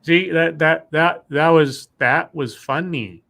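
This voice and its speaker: This man speaks slowly in a higher register, his tone gravelly, pushed and bright. As co-host of an easygoing talk stream, he voices news stories and messages from viewers, reading quotes aloud and correcting himself as he goes.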